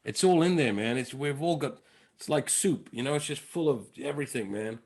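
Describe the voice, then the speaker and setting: A man with a London accent, a comedian guest on a podcast, rambling through stories in a lively way. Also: medium pitch, a little fast. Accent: English, London. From England. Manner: animated, rambling storyteller. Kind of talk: podcast conversation.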